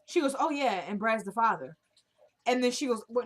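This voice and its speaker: A woman casually retelling a TV episode scene by scene, quoting the characters in an animated, chatty way. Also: fairly high pitch, brisk. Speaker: TV episode recapper. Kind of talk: casual episode recap vlog.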